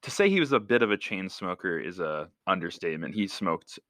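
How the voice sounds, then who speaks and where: A man's voice: deep voice, a little fast, no echo, studio quality. A young man co-hosting a casual podcast, talking with enthusiasm and slipping into quoted voices. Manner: enthusiastic, animated quoting in put-on voices. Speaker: podcast co-host.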